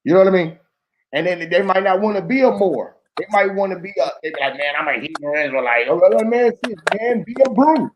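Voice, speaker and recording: Male storyteller, high voice, slangy and animated, plays out every quote in casual talk. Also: fairly quick, dull audio.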